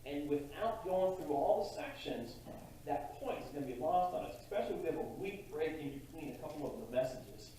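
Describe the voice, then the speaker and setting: A man preaching a sermon as pastor, in a conversational, halting way with frequent restarts. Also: on the high side, lively intonation, dark tone, slight background noise. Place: church sanctuary. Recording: distant mic in a very echoey church hall.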